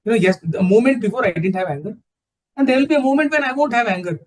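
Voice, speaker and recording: A man's voice: very high voice, expressive, fast talker, poor audio. A man giving a conversational spiritual talk, telling stories and mixing in Hindi phrases, with many "you know"s. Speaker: satsang speaker.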